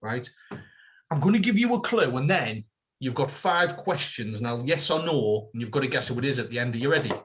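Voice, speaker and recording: A man co-hosting a casual comedy podcast, playful and quick to laugh. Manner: playful, giggly, lively pitch swings. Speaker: podcast co-host.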